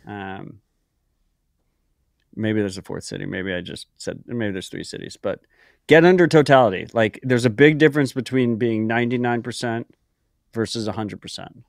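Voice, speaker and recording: A man's voice: on the low side, moderate pace, creaky, dry recording. Male podcast co-host, profane rambler, dry close sound. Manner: profane, rambling, filler-heavy. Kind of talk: casual chat.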